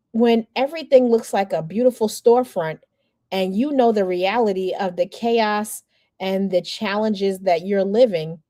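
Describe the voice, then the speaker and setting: A woman coach in her forties talks through a masterclass in a candid, storytelling way, acting out the people in her story. Her voice is mid-pitched, and the recording is dry and close with no room sound. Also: dark tone, no room sound. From New York area. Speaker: PR and communications coach. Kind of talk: masterclass talk with personal story.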